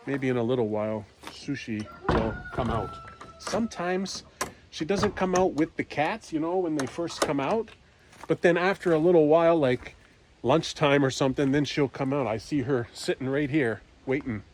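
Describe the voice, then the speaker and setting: A man's voice: a little high, a little mellow, slight background noise. A man vlogging on his farm, chatting outdoors by the barn to his cats in a fond pet-talk voice. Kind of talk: casual talk to farm animals.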